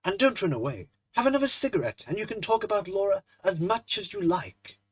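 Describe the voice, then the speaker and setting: A man voicing a jovial male painter who laughs at and teases his friend, in a loud, hearty way, in a storybook reading. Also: sits high, animated, fairly quick, husky, pitched above the performer's own voice. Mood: hearty, amused.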